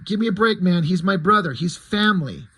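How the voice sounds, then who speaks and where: A man's voice: high-pitched, animated, brisk, a bit bright, slightly rough, heavily acted. A man reading aloud the lines of a nervous, reluctant mob hitman from a comic, sounding anxious and pleading.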